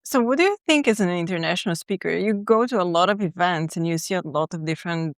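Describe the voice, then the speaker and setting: A woman's voice: lowish voice, lively intonation, fast talker, dry recording, clean studio sound. A woman hosting a podcast, asking interview questions and laughing often as she listens. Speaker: podcast host.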